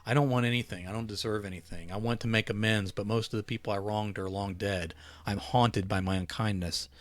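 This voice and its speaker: A man voicing a weary, regretful old man in a storybook, talking in a slow drawl. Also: on the low side, steady tone, dry recording, natural voice. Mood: remorseful. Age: 80s.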